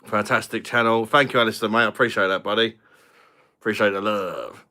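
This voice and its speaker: Chatty deep-voiced British man streaming. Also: steady tone, fairly quick, sharp tone. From London. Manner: chatty, swears, reads out viewer comments. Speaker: beer review channel host. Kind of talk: casual live-stream chat.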